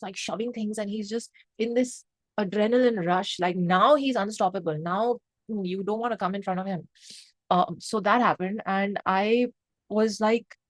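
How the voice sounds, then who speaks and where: An excitable young woman talks through a film scene by scene in a casual review. Her speech is emphatic and full of fillers, with swearing and Hindi phrases slipping in. She sits at a mid pitch in a dry, deadened room. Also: dry recording. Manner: swears freely, lots of fillers like 'um' and 'like'.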